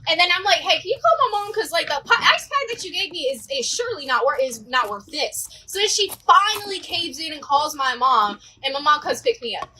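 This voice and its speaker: Young woman, very high and bright voice, casual animated storyteller who acts out the voices of the people in her tale. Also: brisk, hardly any pauses, a little hiss or hum, low-quality recording. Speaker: storyteller vlogger.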